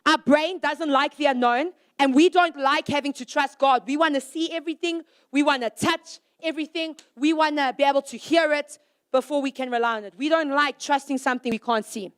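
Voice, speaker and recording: High-voiced young woman preaching to youth. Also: brisk. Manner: animated, acts out little voices for God and herself. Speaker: youth speaker. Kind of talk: youth sermon.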